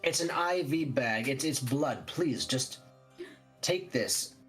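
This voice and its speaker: A man voicing a brisk, cool-headed female vampire doctor who speaks in a calm, clinical, matter-of-fact way. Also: mid-range voice, soft background music. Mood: pleading.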